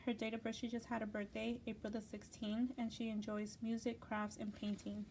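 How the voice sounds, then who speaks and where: Craft host, middle-aged woman, high voice, gushing casual chat, paper crinkling over background noise. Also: brisk, low-quality recording. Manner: gushing, excited, gasping exclamations.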